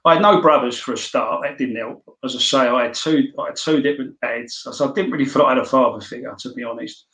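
A man's voice: mid-range voice, fast talker, few pauses, a bit bright. Older London-accented man as interview guest, chatty storyteller, echoey room. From London, England. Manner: rambling, anecdotal, many restarts. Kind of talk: casual storytelling.

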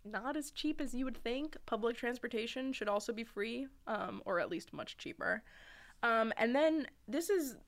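A woman's voice: on the high side, animated, normal speed. Chatty young woman telling a story. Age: young adult. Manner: rambling storyteller, laughs often. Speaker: podcast host. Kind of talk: casual chat.

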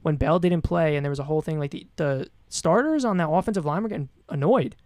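A man's voice: a little high, fast, a little mellow, no echo. Rambling male podcast co-host. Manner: rambling, lots of fillers and restarts. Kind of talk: casual sports podcast chat.

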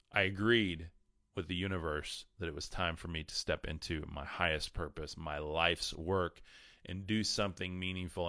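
Deep-voiced man, rambling spiritual talk. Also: pushed and bright, no echo, clean studio sound. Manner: rambling, repeats words, many ums. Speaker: spiritual teacher. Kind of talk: casual spiritual talk to viewers.

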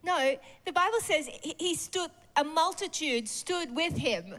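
A woman's voice: high voice, animated, measured pace, fairly bright tone. A woman preacher giving a sermon in a church service. She talks expressively and animatedly and often laughs.

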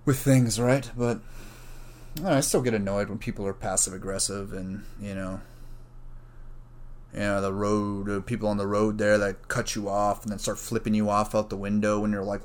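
A young man talks casually on his own podcast in a lowish voice. He rambles from one thought to the next and swears freely. Now and then he jumps high to mimic other people. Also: normal speed. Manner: rambling, profane, animated, mimics others in a raised voice. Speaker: podcast host. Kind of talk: casual solo podcast monologue.

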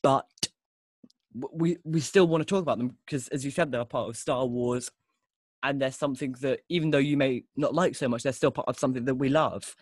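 A man's voice: medium pitch, fairly quick, dry recording. A man hosting a casual podcast chat, talking enthusiastically and restarting often. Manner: enthusiastic, rambling, with frequent restarts. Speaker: podcast host.

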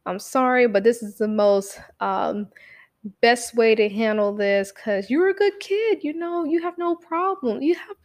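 A woman voicing a patronizing, chummy male school principal who lectures in a soothing tone with halting restarts. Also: on the high side, expressive.

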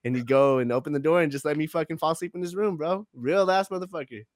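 Man, podcast co-host, slangy and laid-back, mid pitch, dry close sound. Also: quick pace, no room sound. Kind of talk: casual chat among friends.

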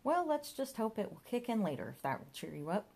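A woman's voice: fairly high pitch, sing-song, fairly quick, vocal fry, darkish tone, voice pushed up, exaggerated voice. A woman voicing a mischievous male companion who talks in a wry, teasing way.

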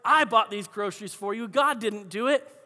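A grumpy neighbor man shouting back in loud, taunting bursts, as a preacher puts him on. The voice sits high and bright, and a long hall reverb trails after it. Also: moderate pace. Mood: mocking. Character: angry, mocking atheist neighbor man.

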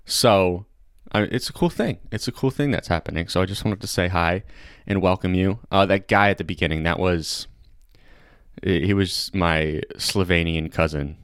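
A young man hosting a casual comedy podcast, chatty and excitable, laughing often. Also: sits low, normal speed, smooth, dry recording, studio quality. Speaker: podcast host.

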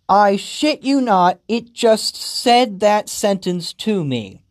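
A deadpan game host talks through a text-adventure playthrough, reading the story aloud with amusement. The pace is slow and unhurried, and the voice sits mid-pitched. The recording is dry and close to the mic. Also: no echo. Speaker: gaming video host. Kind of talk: playthrough commentary.

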